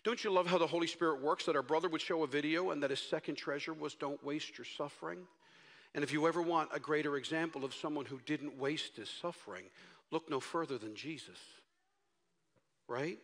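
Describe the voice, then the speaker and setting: A male pastor preaching a sermon in a dramatic, expressive way. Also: on the high side, brisk. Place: church sanctuary. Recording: echoey church hall.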